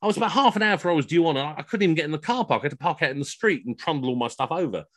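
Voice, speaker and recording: Male comic storyteller, chatty, with a lively voice that swings up and down; dry sound, no room echo. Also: fairly high pitch, racing. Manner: lively, chatty, acts out the people he quotes. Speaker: costumed entertainer. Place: at home on a video call.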